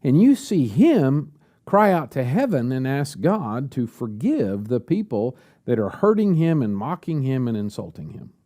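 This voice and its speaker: A man's voice: medium pitch, big pitch swings, unhurried, mellow. A man preaching a sermon at a church service, asking the congregation rhetorical questions.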